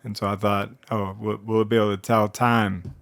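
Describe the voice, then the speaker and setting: Low-voiced man telling a rambling comic story. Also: moderate pace, no room sound. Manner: rambling, self-interrupting, animated delivery. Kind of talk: comedic storytelling monologue. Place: now living in Colorado.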